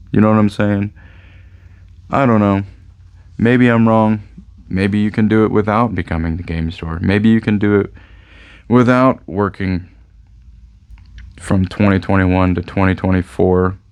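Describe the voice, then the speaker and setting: A man with a low, smooth voice talks loosely about running his game store. His monologue wanders and keeps circling back to "I don't know" asides. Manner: rambling, often trails off with "I don't know". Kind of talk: casual rambling video monologue.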